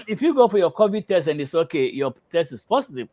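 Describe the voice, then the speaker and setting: A man's voice: fairly high pitch, sing-song, quick pace, darkish tone. A man hosting a health show, telling a lab prank story with many fillers and then reading out test result guidance.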